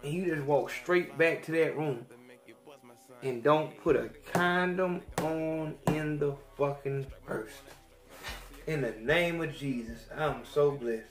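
A young man, a podcast host telling a crude story in a profane, animated rant that swings between loud outbursts and mutters. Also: fairly high pitch, slow pace, reverberant, faint music behind.

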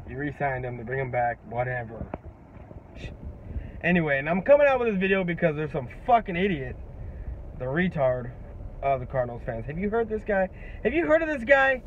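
A young man tears into a rival fan base in a heated, profane sports rant, his voice sitting a little high. The audio is dull and lo-fi, with a faint hum of noise behind him. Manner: profane, trash-talking, animated.

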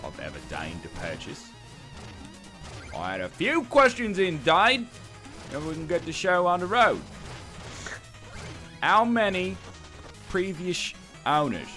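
A man's voice: high voice, huge pitch swings, slow pace, long pauses, pushed and bright, soft background music, voice pushed up, exaggerated voice. A man doing an impression of an older actor playing a formal butler, with a mock-formal manner. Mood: pompous. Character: older British male film actor, dry butler manner.

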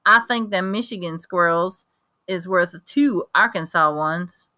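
A woman's voice: fairly low pitch, unhurried, sharp tone. A woman voicing an eager, chatty country boy of about ten with a drawl. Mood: boastful. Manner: eager, rambling, drawling folksy talk. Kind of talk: audiobook reading.

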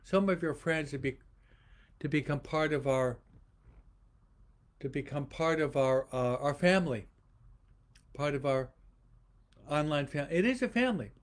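A priest giving a homily to an online audience, slowly repeating rhetorical questions and often pausing and restarting mid-sentence. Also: male voice, fairly high pitch. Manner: slow, repetitive preaching with rhetorical questions; pauses and restarts often, speaking to online viewers. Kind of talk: livestreamed homily.

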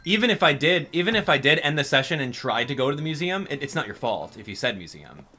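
A man's voice: on the high side, very animated, quick pace, bright, forceful tone. A young man hosting gameplay commentary, venting his frustration to his viewers. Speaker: gaming channel host.

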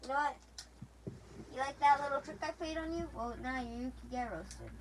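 Young woman, high-pitched, casual gaming chat, rambling, teasing, faint background hum. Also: normal speed, rough recording. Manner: rambling, restarts, playful teasing. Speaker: gamer.

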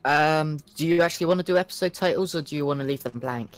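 A man co-hosting a game stream, talking in a relaxed, matter-of-fact way about plans and editing. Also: fairly high pitch, quick pace, no room sound. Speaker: co-host and editor. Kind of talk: casual chat. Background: faint game music.

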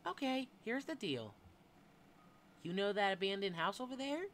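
A man voicing a high-voiced, overly helpful job recruiter in a game. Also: animated, normal speed, a bit bright, a little hiss or hum. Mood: chirpy.

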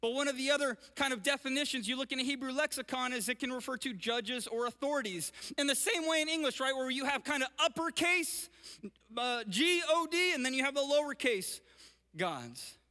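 A male pastor preaching a sermon and reading scripture, energetic and often checking in with his listeners. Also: very high-pitched, fairly quick. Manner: energetic, keeps checking in with "right?". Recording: long reverb of a large hall.

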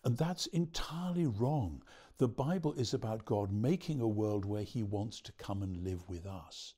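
A man being interviewed as a theologian, answering at length in a measured, explanatory way. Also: on the low side, expressive, dark tone, breathy edge. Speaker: theologian guest.

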